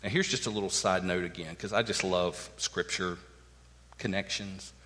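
Bright-voiced preacher in a big hall. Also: male voice, deep voice, steady tone, normal speed. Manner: emphatic preaching, acts out quoted lines. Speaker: pastor. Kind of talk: sermon.

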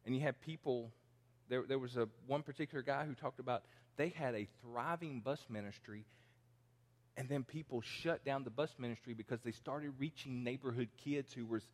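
A pastor in his forties delivers a conversational sermon, acting out the people he quotes. His mid-range voice moves at a moderate pace, and the recording carries long reverb from a large hall.

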